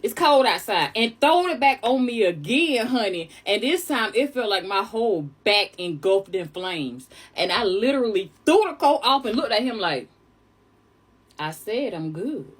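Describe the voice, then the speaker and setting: Chatty woman from new york, kinda high, breathy, keeps saying honey. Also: normal speed, few pauses. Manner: chatty, animated, calls listeners honey. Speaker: storyteller vlogger. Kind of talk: casual storytime monologue.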